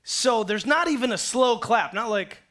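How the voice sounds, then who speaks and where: A high-voiced male pastor delivering a sermon in a playful, conversational way. He tells stories animatedly and slips in asides to the congregation. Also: expressive, moderate pace, fairly bright tone. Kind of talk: sermon with acted-out storytelling.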